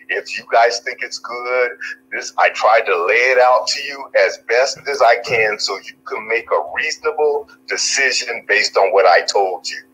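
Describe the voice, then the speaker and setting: A man's voice: mid-range voice, sharp tone, rough recording. Guy running for office, earnest and rambling, faint hum in the back. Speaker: political candidate. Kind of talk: interview answers.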